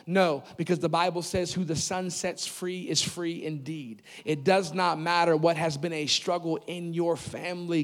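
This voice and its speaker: Man preaching with echoing hall reverb. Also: on the high side. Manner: animated, rising to loud emphatic peaks with quick asides. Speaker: pastor. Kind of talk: sermon. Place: church service. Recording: long reverb of a large hall.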